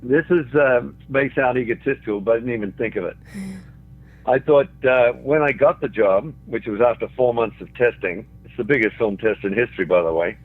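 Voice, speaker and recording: Over a tinny phone line, a guest who is an older man from Australia shares anecdotes, laughing along the way. His pitch is medium and he talks a little fast.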